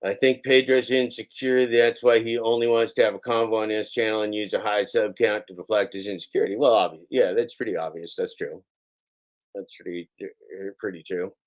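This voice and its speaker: A man's voice: lowish voice, fairly even intonation, fairly quick. A man hosting a live stream, reading out and answering chat comments in a sarcastic, mocking way.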